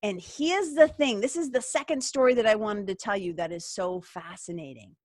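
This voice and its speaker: A woman's voice: medium pitch, normal speed, darkish tone, no echo, clean studio sound. A woman, hosting a podcast and telling stories from her own life in a candid, casual way, swearing freely and using lots of fillers. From Massachusetts. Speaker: podcast host. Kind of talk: casual storytelling monologue.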